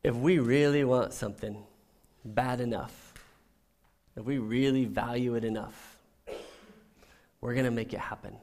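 A middle-aged man preaching a sermon as a pastor, telling stories with animation and swinging from soft to loud. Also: medium pitch, steady tone, measured pace, pauses often.

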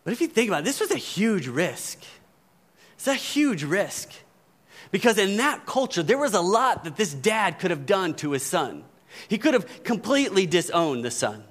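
A man's voice: high-pitched, big pitch swings, moderate pace. Man preaching a conversational sermon. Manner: conversational preaching, frequent "right?" asides. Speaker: pastor.

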